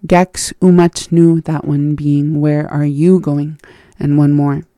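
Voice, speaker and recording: A gravelly-voiced host teaches phrases at an unhurried pace, saying each one in parts before giving its meaning. The sound is close and dry, with no room around it. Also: mid-range voice, completely flat delivery, warm tone, dry recording. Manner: repeats phrases slowly and breaks them into parts, then gives the meaning. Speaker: language lesson host. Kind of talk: teaching phrases by slow repetition.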